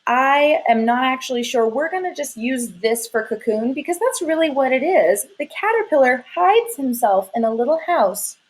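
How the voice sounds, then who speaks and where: A woman's voice: high-pitched, animated, moderate pace, hardly any pauses, poor audio. A woman teacher leading a lesson for young children, sing-song and encouraging, stretching her words out.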